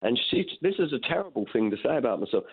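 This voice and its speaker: A middle-aged musician telling frank, rambling stories in a phone interview, swearing freely. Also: male voice, medium pitch, very animated, very fast, creaky, breathy edge. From Australia. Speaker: musician guest. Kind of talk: phone interview, candid storytelling. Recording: tinny phone line.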